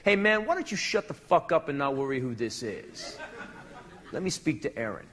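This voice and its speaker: A male comedian voicing a gruff, menacing rival man on the phone, slow and low, in a noisy live club recording. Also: big pitch swings, fairly bright tone.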